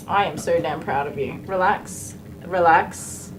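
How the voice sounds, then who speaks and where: Australian woman groomer, mid-pitched, soothing and coaxing, live-stream chat. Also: moderate pace, noisy background. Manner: soothing, coaxing talk to a dog, chatting to viewers.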